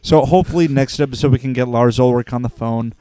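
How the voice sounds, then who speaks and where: A man hosting a loose podcast chat who prods his friends with teasing questions. His voice sits at an ordinary pitch in a close, dry recording. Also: fast, warm tone, clean tone, no echo. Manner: teasing, steering the talk. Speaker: podcast host.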